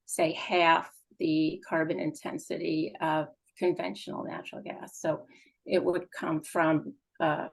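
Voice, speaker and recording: A woman's voice: on the low side, creaky, poor audio. A woman speaking for a gas utility at a public meeting, explaining at length with frequent fillers. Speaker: utility company representative.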